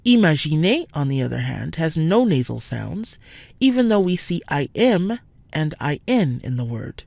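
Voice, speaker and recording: A woman narrating a scripted French pronunciation lesson, speaking clearly and slowing down to model each sound. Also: deep voice, very animated, a little mellow, dry recording.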